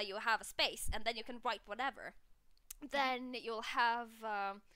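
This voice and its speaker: A woman from Norway with a high, lively and bright voice co-hosts a casual geek-culture livestream. She giggles often and recorded close and dry on a desk mic. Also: no room sound. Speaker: stream co-host.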